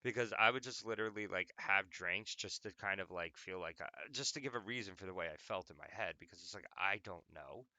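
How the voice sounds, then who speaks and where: Low gravelly man, bright and dry. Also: fairly quick, hardly any pauses, no room sound. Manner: rambling, profane, jokey, many "like"s. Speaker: podcast host. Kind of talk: casual monologue.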